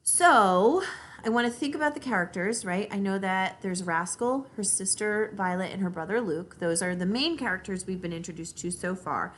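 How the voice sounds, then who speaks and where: A woman teacher reading a children's book aloud and guiding a reading lesson in an expressive voice. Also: medium pitch, moderate pace, a little hiss or hum.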